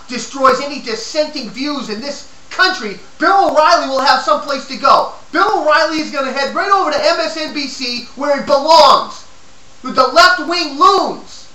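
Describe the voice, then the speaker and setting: A woman giving an impassioned political rant, indignant and repetitive, her voice shaking with anger as it builds to shouting. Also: high-pitched, roomy sound, low-quality recording. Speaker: political commentator.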